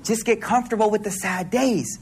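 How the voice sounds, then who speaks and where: A man gives a casual, animated sermon full of slang and storytelling. His voice sits high for a man and has a husky, breathy grain. He talks the way he would to friends. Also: brisk. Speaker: preacher.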